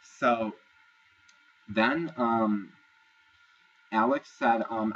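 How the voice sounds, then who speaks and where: A man's voice: mid-range voice, slow pace, long pauses, bright, forceful tone, recorded from a distance, muffled recording. A man casually recapping a reality show episode, chatty, gossipy and profane. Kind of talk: casual review vlog.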